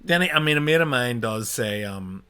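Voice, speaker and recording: A man co-hosting a casual podcast chat, playful and quick to slip into silly voices when telling a story. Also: mid-range voice, animated, pushed and bright, clean tone. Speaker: podcast co-host.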